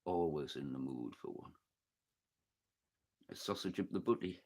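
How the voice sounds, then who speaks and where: A man with a northeast English accent hosts a loose, rambling livestream, reading out comments and riffing on them. His voice sits very low but swings widely in pitch as he jokes, swears freely and drifts off topic. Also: lively intonation, measured pace, a little mellow. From northeast England. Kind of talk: casual chat reading live comments.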